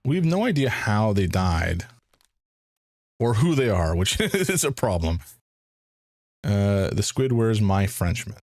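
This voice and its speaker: Low-voiced man streaming a detective game. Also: sing-song, takes it slowly, long pauses, dry recording, clean studio sound. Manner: thinking aloud, hesitant, with frequent restarts. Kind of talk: casual live game commentary.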